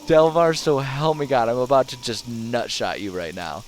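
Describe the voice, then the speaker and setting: A male streamer at home, giving sarcastic, animated commentary on a game and laughing often. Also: mid-range voice, normal speed, background noise. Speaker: gaming streamer. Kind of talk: casual let's-play commentary.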